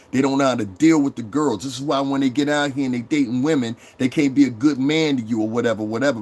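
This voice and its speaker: An online streamer with a slightly high, darkish voice goes on a profane, angry, repetitive rant, addressing his chat directly.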